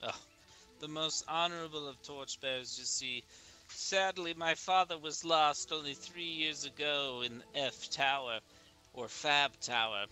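A man with a very bright, ringing voice role-plays in a game, theatrical and swinging between loud excitement and hushed solemn lines. His voice sits a little high, with faint music playing behind him. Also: measured pace. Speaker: roleplaying torchbearer character. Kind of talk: improvised game role-play.

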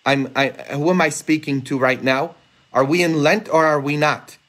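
A man preaching a homily, earnest and emphatic, rising high and intense for rhetorical questions. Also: normal speed, fairly bright tone. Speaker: priest. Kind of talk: sermon. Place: church, livestreamed.

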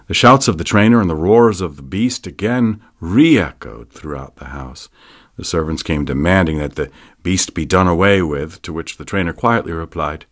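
A man narrating an audiobook in a measured, deliberate reading. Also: low voice. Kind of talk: scripted narration.

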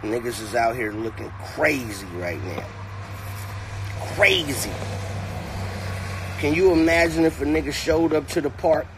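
A man's voice: mid-range voice, background noise. A man giving a profane, mocking comedic rant, talking from inside a car. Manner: mocking, animated, repetitive. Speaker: comedic commentator.

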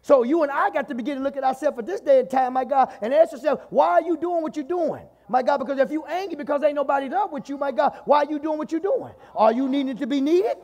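A man's voice: very high-pitched, fast talker, hardly any pauses, a little mellow, long reverb tail. A man with a Southern US accent preaching a sermon as pastor in a church, repeating "my God" and calling on the congregation. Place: church sanctuary.

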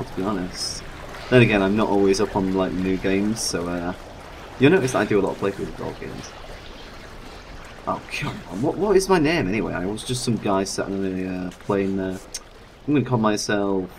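A young man giving chatty, excitable let's-play commentary. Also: low voice. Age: young adult. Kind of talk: gameplay commentary. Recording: steady background noise.

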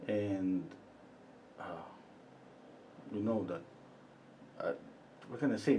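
A middle-aged man giving a live painting lesson, thinking aloud as he works, pausing often and chatting with viewers between steps. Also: fairly low pitch, a little hiss or hum. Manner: relaxed, thinking aloud while he paints, with frequent pauses and fillers. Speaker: painting instructor.

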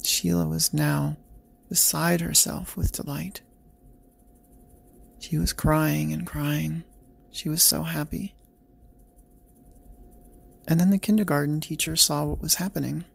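Male bedtime-story narrator: gentle, slow, husky, flat. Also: on the high side.

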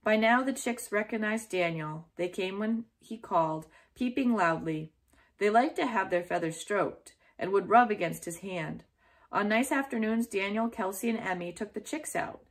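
A woman reading a children's chapter book aloud in a gentle, steady storytelling manner. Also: medium pitch, normal speed.

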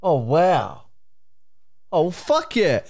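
A man's voice: on the high side, huge pitch swings, takes it slowly, gravelly, a little mellow. A man co-hosting a comedy podcast, reacting with swearing and lots of laughter. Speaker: podcast co-host. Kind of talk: casual comedic banter.

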